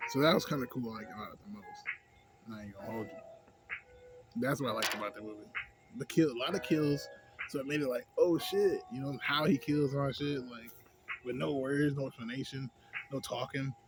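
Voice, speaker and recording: A young man rambling casually and profanely into his phone about a movie, acting out scenes in a higher voice. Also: steady tone, a little fast, over music, rough recording. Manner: loose, profane, rambling, acts out scenes in a high voice. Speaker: vlogger. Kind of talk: casual smoke-session movie review.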